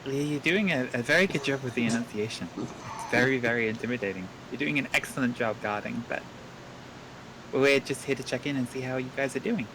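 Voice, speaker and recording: A man playing a tabletop game, talking in character in a calm, measured, reassuring way. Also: medium pitch, noisy background. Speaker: player.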